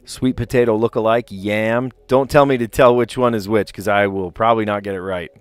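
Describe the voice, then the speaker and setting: A man's voice: fairly low pitch, steady tone, fairly quick, smooth, dry recording, faint music behind. A man casually chatting on a live stream, reading puzzle clues aloud and rambling to his viewers. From New Jersey.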